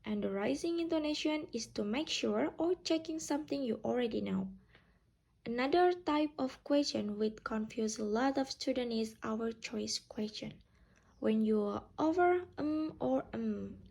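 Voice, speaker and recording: A woman teaching pronunciation, explaining slowly and modeling example phrases with exaggerated rises and falls. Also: a little high, vocal fry, a little mellow, breathy edge. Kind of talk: slow, careful classroom explanation.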